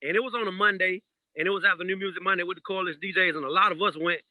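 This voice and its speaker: A man in casual podcast conversation, spinning personal anecdotes with animated energy. His voice is fairly high and sharply bright. The sound is close and dry, with no room around it. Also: very fast, no echo, low-quality recording. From Georgia, USA. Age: adult parent. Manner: animated storyteller, laughs through anecdotes. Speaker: guest DJ.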